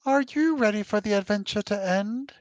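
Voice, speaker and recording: Man putting on a calm otherworldly creature, higher voice, slow and grand, dry sound, tabletop game. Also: dry recording, highs cut off, lightly acted. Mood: solemn. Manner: slow, measured, lofty pronouncements. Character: serene all-knowing crystal creature, calm and grand.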